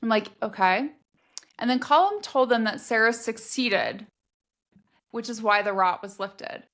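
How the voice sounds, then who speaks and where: A woman's voice: a little high, lively intonation, a little slow, fairly bright tone. A woman co-hosting a book podcast, recapping the plot in casual chat with quoted asides. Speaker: podcast co-host.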